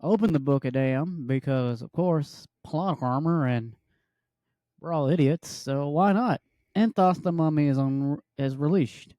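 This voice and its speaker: Excitable male co-host, slightly high voice, dry close sound, casual podcast banter. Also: measured pace, dry recording. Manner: excitable, acts out scenes with yelps. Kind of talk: casual movie review chat.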